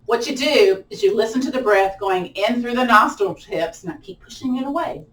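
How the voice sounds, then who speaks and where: A woman's voice: fairly high pitch, expressive, normal speed, a bit bright, distant mic, a little hiss or hum. A woman with a lilt talks a chair yoga class through each move, chatty and encouraging, and lets out a playful whoop while they hold a pose. She sounds a little way off from a camera mic in a roomy space with a noticeable echo. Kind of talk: live online exercise class instruction.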